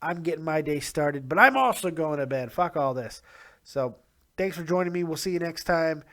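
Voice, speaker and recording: A man's voice: fairly high pitch, animated, moderate pace, bright, forceful tone. A man hosting a casual solo commentary show, rambling, swearing and frustrated, saying he is exhausted. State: tired. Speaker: podcast host.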